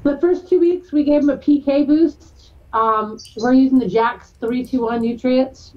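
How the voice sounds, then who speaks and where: A woman on a grower panel, upbeat and quick to laugh. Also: high voice, far from the mic, highs cut off. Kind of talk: casual chat.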